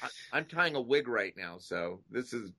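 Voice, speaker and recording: Halting, laughing man guest. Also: medium pitch, animated, bright, forceful tone. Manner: rambling, halting, laughs often. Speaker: podcast guest, makeup artist. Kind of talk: casual chat. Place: at home, tying a wig while talking.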